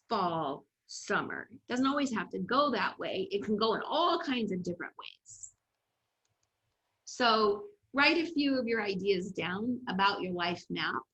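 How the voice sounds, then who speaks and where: Woman coach with a bright, ringing voice, animated storyteller on a video call. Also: mid-range voice, poor audio. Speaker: development coach. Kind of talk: online class presentation.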